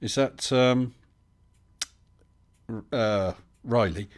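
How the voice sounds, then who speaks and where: A man's voice: mid-range voice, drawn-out words. A man, hosting a casual live stream and chatting his way through viewer comments with lots of fillers and restarts.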